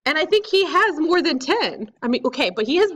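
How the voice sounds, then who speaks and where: A woman playing a tabletop game, chatting casually and excitedly, often laughing and exclaiming. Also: sits high, fairly quick.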